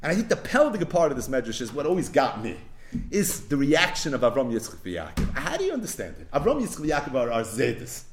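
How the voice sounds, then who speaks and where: A man's voice: mid-range voice, huge pitch swings, fast. A man teaching a Torah lecture, telling a midrash dramatically, acting out the quoted speech with rising intensity and weaving Hebrew and Yiddish phrases into his English.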